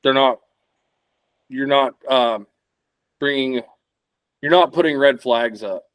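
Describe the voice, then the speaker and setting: A man's voice: mid-range voice, slow pace, a bit bright, smooth, no echo. A man in his thirties, a podcast guest talking casually and rambling as he searches for words. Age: 30s. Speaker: podcast guest, elk hunter.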